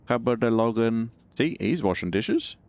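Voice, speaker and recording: A man's voice: medium pitch, expressive, normal speed, a little mellow. A man streaming a video game, chatting casually and musing aloud, his voice jumping up when surprised. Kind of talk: casual let's-play commentary.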